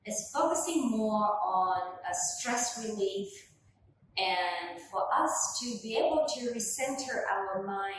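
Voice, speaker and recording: A woman instructor gently guiding a pilates workout, calmly cueing breath and movement, recorded in a room at home. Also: mid-range voice. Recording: echoey room from far off, faint noise.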